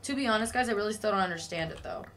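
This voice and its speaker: A woman playing a game with the host on a livestream, speaking softly and offhandedly, a little away from the mic. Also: mid-range voice, rapid-fire, slight background noise. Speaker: co-player on stream. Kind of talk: casual gaming chat.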